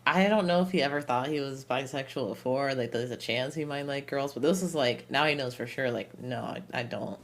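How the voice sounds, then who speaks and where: A guest in a casual review chat who laughs often and chimes in with quick agreements. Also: mid-range voice, a bit bright. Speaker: co-host guest.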